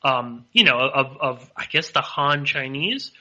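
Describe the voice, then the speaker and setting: A man's voice: mid-range voice, expressive, measured pace, pushed and bright, muffled recording. A male podcast host in a political discussion, who hesitates and restarts often. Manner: hesitant, many fillers and restarts.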